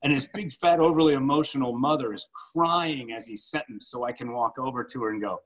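Husky man telling a blunt story. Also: medium pitch, a little fast, fairly bright tone, poor audio. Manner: blunt, vengeful storytelling with acted-out quotes. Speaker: podcast co-host. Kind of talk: casual storytelling.

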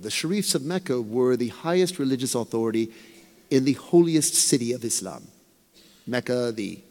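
Male professor, lecture-hall reverb, measured and emphatic delivery. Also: medium pitch, darkish tone. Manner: measured, emphatic storytelling with rising stresses. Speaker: history professor giving a lecture. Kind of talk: academic lecture.

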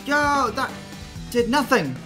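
Male let's play host, playful and gushing, bright with lively pitch. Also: slow, faint music behind. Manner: excitable and playful, gushing over his creatures. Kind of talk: casual gameplay commentary.

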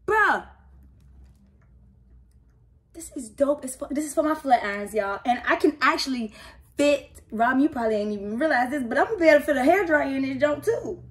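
A young woman vlogger opens gifts, talking casually and fast in a slightly high voice, excitable and gushing with exclamations. She swings between loud delight and softer, touched murmurs, using lots of slang.

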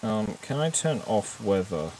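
Man, slow-talking, middle pitch, rambling self-mocking stream chat, swears a lot, faint background hiss. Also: sing-song, darkish tone. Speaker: gaming streamer. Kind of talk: casual live-stream chat while gaming.

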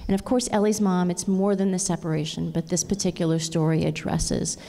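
A middle-aged woman gives an earnest plenary talk, checking in with her audience as she goes. Her voice is low, dark and gravelly. It rings with the long reverb of a large conference hall. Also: little pitch movement, fairly quick. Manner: earnest, engaging, asks the audience "right?". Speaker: conference speaker.

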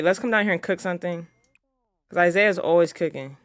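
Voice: mid-range voice, a little fast, a bit bright, no echo, studio quality. A gaming channel host giving casual let's-play commentary, scolding the game characters and reading on-screen text aloud. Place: home recording setup.

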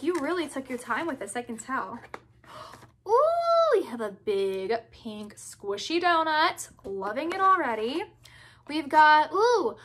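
A woman's voice: sits high, a bit bright. A young woman chatting bubbly and gushing as she opens fan mail for her vlog. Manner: bubbly, gushing, quick to squeal. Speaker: YouTuber opening fan mail. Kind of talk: casual vlog chat.

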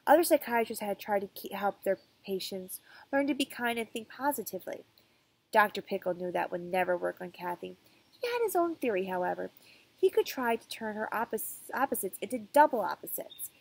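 Woman teacher, story read-aloud for kids, chatty and self-correcting, gravelly texture. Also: medium pitch, expressive, brisk, a little mellow, low-quality recording. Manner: casual asides with fillers and self-corrections. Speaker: teacher reading aloud to students. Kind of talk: reading a children's chapter book aloud.

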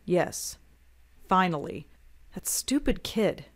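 A woman's voice: lowish voice, sing-song, slow, no room sound, full character voice. Sarcastic young city woman. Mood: irritated. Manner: dry and sarcastic. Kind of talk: video game voice acting.

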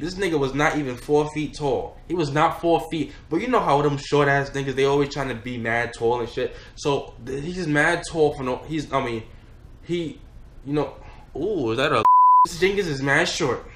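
A man's voice: medium pitch, expressive, moderate pace, fairly bright tone. A young man telling a rambling, profane story in a casual storytime vlog. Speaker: vlogger. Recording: echoey room with faint noise.

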